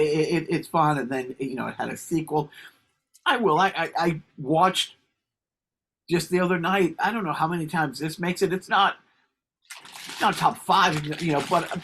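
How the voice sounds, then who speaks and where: A man's voice: fairly high pitch, expressive, normal speed, fairly bright tone, slight background noise. A man co-hosting a podcast, rambling through casual stories and laughing as he talks. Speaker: podcast co-host. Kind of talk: casual chat.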